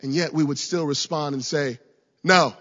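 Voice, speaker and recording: A man's voice: fairly high pitch, fairly even intonation, a little fast. A man from Virginia preaching a sermon, telling a story with stammered repeats and sudden raised passages. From Virginia, USA. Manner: storytelling, with frequent stammered repeats and rising shouts. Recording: echoey hall, dull lo-fi sound.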